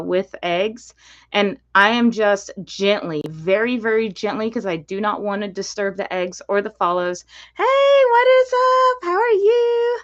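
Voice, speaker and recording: A woman breeder hosting a casual live stream, gently explaining and demonstrating with many ums. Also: medium pitch, highs cut off. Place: indoor reptile room with enclosures.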